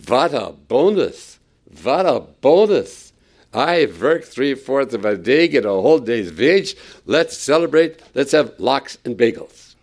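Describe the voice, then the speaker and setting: A man voicing an overjoyed male day laborer who excitedly tells his wife about his pay. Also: mid-range voice, slow. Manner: excited, exclaiming.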